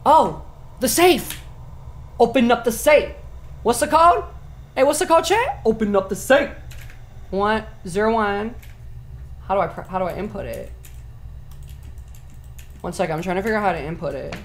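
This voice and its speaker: A woman streaming a horror game live, chatting excitably with her viewers and swearing whenever something startles her. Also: medium pitch, moderate pace, long pauses, slight background noise.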